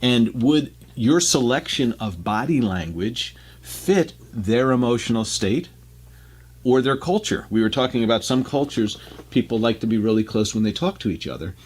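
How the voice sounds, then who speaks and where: A man's voice: mid-range voice, expressive, normal speed, a little mellow, breathy edge. A man co-hosting a talk radio show, explaining ideas in a loose, chatty way with frequent restarts.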